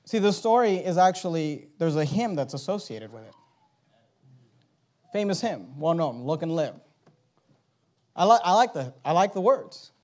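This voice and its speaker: Male preacher, high-pitched, emphatic sermon delivery, slows on key words, big swings in loudness. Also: very animated. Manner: emphatic, swings between loud stresses and hushed low lines.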